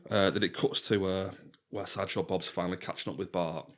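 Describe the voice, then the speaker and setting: A man's voice: low-pitched, fairly even intonation, fairly quick. A man co-hosting a podcast, chatting casually and retelling funny scenes with frequent laughter. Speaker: podcast co-host. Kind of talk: casual chat.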